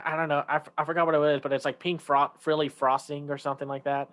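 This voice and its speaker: A man's voice: on the high side, flat delivery, fast talker, a bit bright. A man co-hosting a casual chat, talking loosely with many fillers and restarts, sometimes acting out lines in a raised voice. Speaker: podcast co-host.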